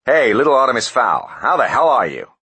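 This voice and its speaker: A man voicing a cocky, brash middle-aged American businessman in a storybook reading, with an American accent and a loud, pushy manner. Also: lowish voice, expressive, brisk, husky, voice pushed up, heavily acted.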